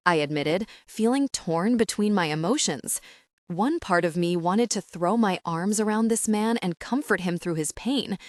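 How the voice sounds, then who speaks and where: A woman's voice: lowish voice, moderate pace, no echo, clean studio sound. A woman narrating a romance audiobook in the first person, reading in an emotional, tearful way. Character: hurt, furious young woman demanding answers.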